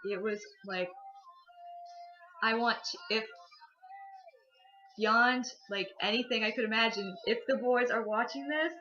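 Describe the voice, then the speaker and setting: A woman's voice: a little high, measured pace, long pauses, bright, forceful tone, soft background music. Gushing teen girl vlogger, lo-fi. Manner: gushing, lots of "like" fillers. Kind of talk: casual vlog storytelling.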